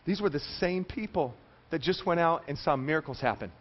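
Male preacher, high voice, acts out the characters in his sermon; muffled lo-fi sound. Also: a little fast. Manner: animated storytelling, acting out quoted voices. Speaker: pastor.

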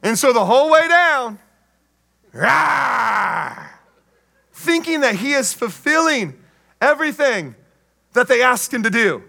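Guy preaching, high bright voice, animated storyteller, does little voices. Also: moderate pace. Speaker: pastor. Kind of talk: sermon with storytelling.

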